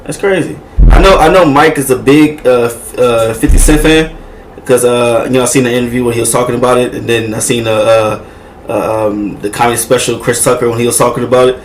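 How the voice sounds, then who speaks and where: A man's voice: medium pitch, fairly even intonation, a little fast, slight background noise. A man hosting a reaction video, talking loosely and profanely with many hesitations. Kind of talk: casual reaction commentary.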